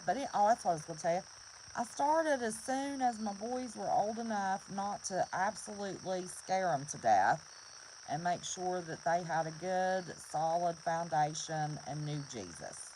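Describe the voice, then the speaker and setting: A woman's voice: on the low side, sing-song, measured pace, darkish tone, a little hiss or hum, poor audio. A middle-aged woman from West Virginia in a casual vlog chat, earnest and preachy, repeating herself for emphasis. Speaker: prepper vlogger.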